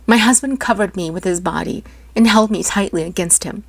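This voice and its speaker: A woman's voice: medium pitch, a little fast, creaky. A woman narrating a first-person story with an emotional, dramatic delivery.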